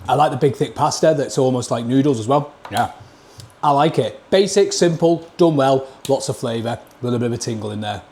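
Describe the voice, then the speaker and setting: Northern English man, mid-pitched, blunt casual food reviewer, talks between bites. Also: brisk, darkish tone. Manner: blunt, plain-spoken, scores each dish out of ten.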